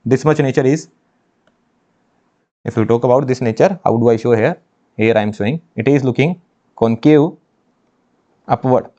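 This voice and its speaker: In this online exam-prep lecture on engineering maths, a man talks at normal speed in a mellow, mid-range voice, pausing often. His delivery is emphatic, full of repeated phrases and rhetorical questions, captured on dull lo-fi audio.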